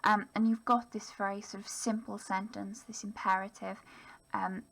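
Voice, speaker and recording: A woman teaching English literature in a recorded lesson voice-over. She talks in a relaxed way, with frequent ums and small self-corrections. Her voice is gravelly and creaky at a middling pitch. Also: normal speed, low-quality recording.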